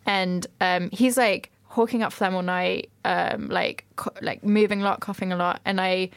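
A woman hosting a casual chat about travel, talking fast and filling her speech with "like". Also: lowish voice, level tone, clean tone, no echo. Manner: chatty, lots of "like" fillers. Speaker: podcast host.

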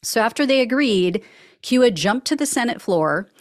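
A woman's voice: on the high side, expressive, normal speed, no room sound, clean studio sound. A woman hosting a news podcast, recapping court cases in a conversational way with sarcastic asides. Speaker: podcast host. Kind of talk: news commentary reading quotes.

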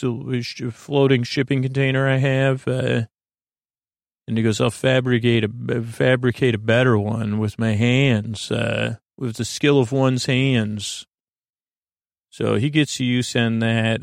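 A man's voice: lowish voice, vocal fry, no room sound, clean studio sound. A man casually recapping a show episode, retelling the dialogue with lots of fillers and rambling asides. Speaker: podcast host recapping a show.

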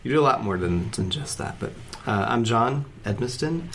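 A man's voice: medium pitch, lively intonation, normal speed, fairly bright tone, a little hiss or hum. A man co-hosting a podcast, talking casually and hesitantly, searching for words. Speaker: podcast co-host.

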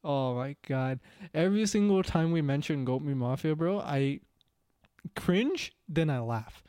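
A man's voice: fairly high pitch, lively intonation, unhurried, warm tone, smooth, no room sound, studio quality. A young man chatting casually as a podcast co-host, rambling with frequent restarts and laughter. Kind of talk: casual chat.

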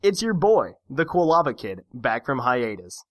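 A man's voice: medium pitch, sing-song, normal speed, no room sound, natural voice. A man playing a swaggering wannabe rapper. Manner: boastful, mock-cool. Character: a swaggering young wannabe rapper reading his fan letter. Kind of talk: reading a listener letter aloud.

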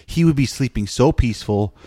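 A man co-hosting a casual chat, laid-back and halting, often searching for words. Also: medium pitch, expressive, dark tone, no room sound, clean studio sound. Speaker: podcast co-host.

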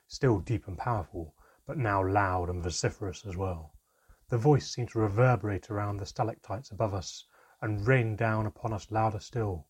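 Husky low-voiced male narrator. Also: normal speed, darkish tone. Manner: dramatic, first-person storytelling. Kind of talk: audiobook narration.

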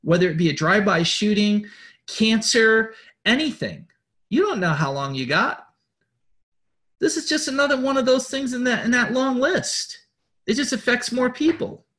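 A man's voice: very high-pitched, expressive, normal speed, pushed and bright. A man hosting a spiritual pep talk, preaching bluntly, swearing often and repeating his words as he pushes on. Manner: repeats words and restarts sentences. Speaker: host.

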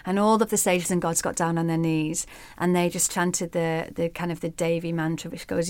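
A woman guest on a podcast, telling a myth as a vivid, expressive storyteller. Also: on the low side, moderate pace, hardly any pauses, smooth, no room sound. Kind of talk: storytelling in an interview.

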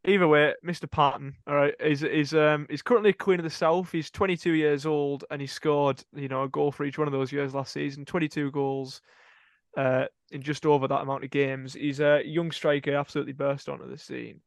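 A man's voice: fairly high pitch, steady tone, fairly quick, no echo. Rambling man, dry close sound. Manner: rambling, self-correcting, laughing at own slips. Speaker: podcast co-host reading transfer rumours. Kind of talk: casual podcast chat.

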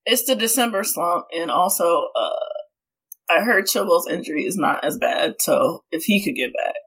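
A woman in a casual sports podcast chat, giving quick, emphatic opinions. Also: fairly low pitch, expressive, a bit bright, slightly rough, poor audio.

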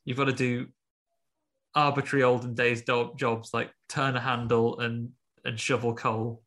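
Bright-voiced man joking on a podcast. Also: mid-range voice, little pitch movement, normal speed. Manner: jokey, puts on silly voices in asides. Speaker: podcast co-host. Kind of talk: casual comedic chat.

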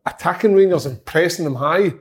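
A man's voice: a little high, a little fast. A Scottish man, a former player, analysing football tactics in casual chat, often hedging with "I think". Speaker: podcast co-host, former player.

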